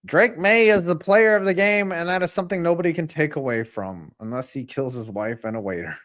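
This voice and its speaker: A man reacting live to a football game, calling plays and joking in profane, animated banter. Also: on the high side, a little fast. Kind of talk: live sports reaction commentary.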